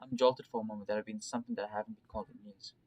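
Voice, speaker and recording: A man reading the narration of a visual novel aloud in a quick, hushed voice. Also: fairly low pitch, steady tone, rough recording. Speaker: let's play reader.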